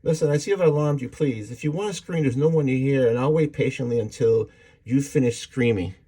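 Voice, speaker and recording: A man voicing a polite, coaxing yellow fly from a comic book, talking quickly and smoothly. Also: mid-range voice, natural voice.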